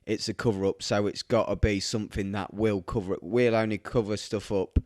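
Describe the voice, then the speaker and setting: A man's voice: lowish voice, fairly even intonation, fairly quick, dry recording, studio quality. A man, a tattoo artist co-hosting a casual podcast, teasing his partner and laughing often. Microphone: podcast microphone.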